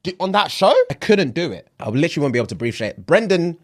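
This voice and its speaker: A man co-hosting a podcast, laughing easily through slangy banter. His voice sits a little high and swings widely in pitch as he jokes. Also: sing-song, quick pace. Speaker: podcast co-host. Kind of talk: casual chat.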